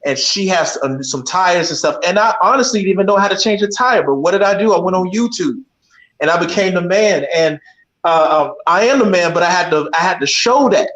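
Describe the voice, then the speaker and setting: Earnest man with a high voice in a roomy echo. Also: lively intonation, brisk, a bit bright. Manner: earnest, preacher-like, thinks aloud with fillers. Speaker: discussion participant. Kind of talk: casual group discussion.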